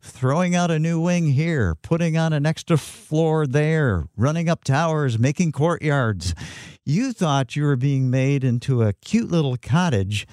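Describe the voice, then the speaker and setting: Measured male co-host, dry sound. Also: on the high side, expressive, darkish tone, no echo. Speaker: podcast co-host. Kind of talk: casual reflective chat.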